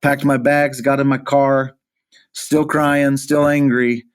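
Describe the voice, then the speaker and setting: A pastor being interviewed, earnestly recounting a hard personal story, often halting and repeating words as he goes. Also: medium pitch, level tone, clear, resonant tone. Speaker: pastor, podcast guest.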